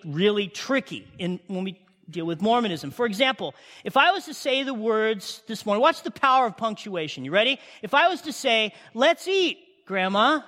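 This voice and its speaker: A man's voice: high-pitched, fairly bright tone. A male pastor giving an emphatic, conversational sermon, often asking the congregation questions. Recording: reverberant hall sound.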